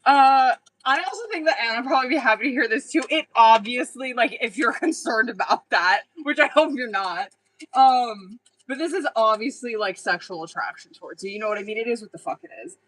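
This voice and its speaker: Bright-voiced, profane woman reading tarot. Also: on the high side, animated, a little fast, poor audio. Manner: blunt, profane, chatty, laughs often. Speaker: tarot reader. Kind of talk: casual live-stream tarot reading.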